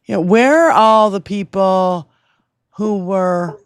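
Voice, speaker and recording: A woman's voice: medium pitch, takes it slowly, smooth, no echo, studio quality. A woman co-host ranting in a heated casual chat, furious and swearing heavily. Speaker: podcast co-host.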